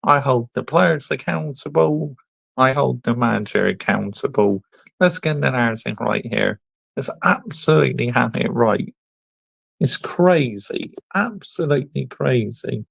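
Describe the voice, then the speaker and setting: A man talks football in a measured, emphatic way. He speaks slowly, and his voice is strongly gravelly and husky. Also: medium pitch, expressive, fairly bright tone, no echo, low-quality recording. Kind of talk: casual football chat.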